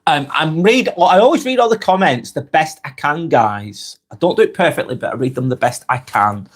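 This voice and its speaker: Calm Lancashire man reading live comments. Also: fairly high pitch. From North West England. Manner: calm, unhurried, chatty, full of ums and restarts. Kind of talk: casual live-stream chat.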